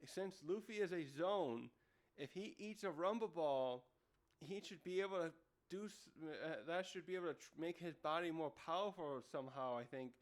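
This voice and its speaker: A man's voice: a little high, moderate pace. A man casually reviewing a comic chapter, thinking aloud and often correcting himself mid-sentence. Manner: rambling, thinking aloud with frequent self-corrections. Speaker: manga reviewer.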